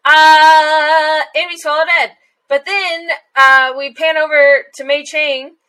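A woman's voice: sits high, steady tone, a little slow, sharp tone, faint music behind, low-quality recording. A young woman co-hosting a casual podcast chat, rambling with lots of fillers and giggles. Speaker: podcast co-host. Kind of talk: casual chat recapping an anime episode.

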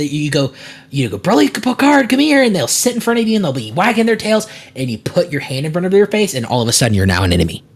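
A man co-hosting a podcast, telling stories in casual chat and acting out the people in them. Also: slightly rough. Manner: rambling storyteller, acts out quotes with big jumps in pitch. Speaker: podcast co-host.

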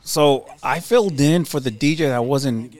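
A man's voice: medium pitch, moderate pace, a little mellow. A man from San Jose co-hosting a radio show, talking in a laid-back, slangy way. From San Jose, California. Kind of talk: casual chat.

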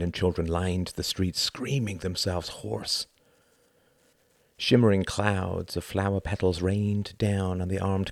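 This is a deep, gravelly male voice narrating an audiobook from a script. The tone is a little mellow, and the studio recording is clean with no echo.

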